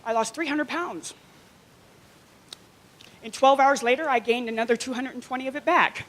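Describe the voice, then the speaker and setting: A woman doing a first-time stand-up comedy set on a small club stage, talking in an animated way and giggling through her own jokes. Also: high voice, moderate pace.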